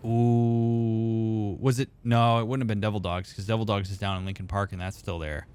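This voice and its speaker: Young male streamer, low-ish voice, relaxed and chatty, calls viewers by name. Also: normal speed, smooth. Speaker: therapist streamer reading chat. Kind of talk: casual gaming stream chat.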